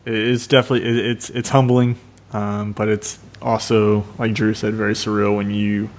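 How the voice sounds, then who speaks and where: A man's voice: fairly low pitch, level tone, normal speed, darkish tone, slight background noise. A man co-hosting a podcast, chatting casually with rambling, self-deprecating jokes. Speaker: podcast co-host.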